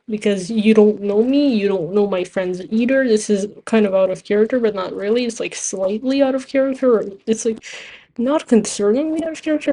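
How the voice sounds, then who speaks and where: As she plays a game, a non-native English-speaking teenage girl who vlogs about gaming tells a rambling tale full of giggles and restarts, her mid-range voice warm in tone.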